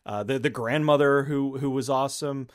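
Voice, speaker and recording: Steady in tone and moderate in pace, this mid-range male voice belongs to the host of a movie review channel. He rambles through a relaxed chat, often starting phrases over and performing his reactions aloud.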